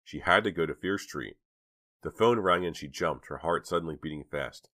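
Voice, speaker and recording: A man narrating an audiobook in a measured storytelling manner. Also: a bass voice, lively intonation, sharp tone. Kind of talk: scripted narration.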